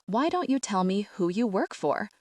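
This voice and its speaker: A woman's voice: mid-range voice, big pitch swings, moderate pace, no echo. A woman reading as a cocky young thief, teasing. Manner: playful, teasing banter.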